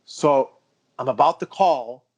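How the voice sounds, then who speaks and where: A man's voice: mid-range voice, slow, slightly rough. Emphatic man telling a personal story. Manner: emphatic, insists the story is true. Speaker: podcast co-host. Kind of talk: casual storytelling.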